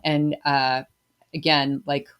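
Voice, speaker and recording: A woman's voice: sits low, level tone, slow, a bit bright, clean tone. A woman hosting a podcast, talking casually and frankly, with fillers and restarts. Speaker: podcast host. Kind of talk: podcast conversation.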